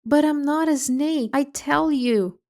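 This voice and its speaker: A woman's voice: high-pitched, slow, darkish tone, pitched above the performer's own voice. A woman playing a protesting little girl. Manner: insistent, protesting. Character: earnest, honest little girl.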